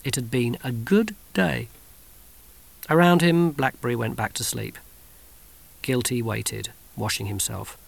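A man reading a novel aloud in measured, wry audiobook narration. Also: medium pitch, vocal fry, slightly rough, no echo.

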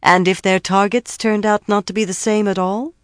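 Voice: mid-range voice, steady tone, moderate pace, clear, resonant tone, dry recording, studio quality, pitched above the performer's own voice, close to an everyday voice. A reader voicing a guarded, commanding older woman in an audiobook, speaking cautiously and with care. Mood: careful. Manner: cautious, careful speech.

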